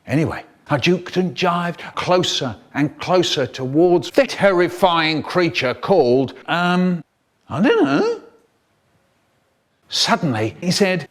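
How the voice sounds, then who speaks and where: A man telling a comic story in an animated, exaggerated way. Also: high voice, slow.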